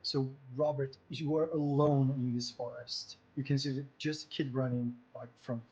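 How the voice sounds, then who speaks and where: A man running a tabletop role-playing game as game master, narrating vividly with pauses and fillers. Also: mid-range voice, little pitch movement, a little mellow, breathy edge, dull audio. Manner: vivid, pausing with fillers, acts out voices.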